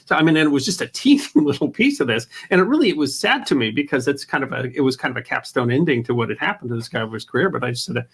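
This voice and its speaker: Man, quick rambling talk, restarts sentences, laughs a lot, interview guest. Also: medium pitch, lively intonation, husky. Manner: fast, rambling, restarts phrases, laughs often. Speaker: YouTube history channel creator, guest.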